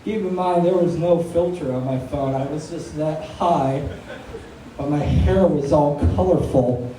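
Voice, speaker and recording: Young male campus comic, high-ish voice, laid-back rambler, far mic in a very echoey room. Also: unhurried. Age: young adult. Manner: rambling, relaxed storytelling with fillers. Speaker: comedian. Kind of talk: stand-up comedy. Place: campus comedy venue. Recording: echoey room recorded from far away, background noise.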